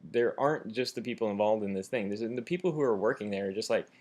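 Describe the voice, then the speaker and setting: A man's voice: fairly low pitch, fast talker. A young American man filming himself, telling a story in a loose, rambling way full of fillers and acted-out quotes. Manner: rambling, animated retelling with many fillers. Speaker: vlogger. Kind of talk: casual storytelling. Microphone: camera mic, self-filmed.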